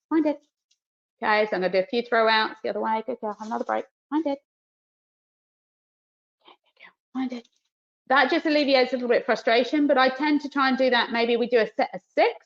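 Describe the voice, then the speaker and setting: Brief: female dog trainer, New Zealand accent, live webinar demo, explaining and praising, dull lo-fi audio. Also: medium pitch. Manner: explains while cueing the dog, soft praise.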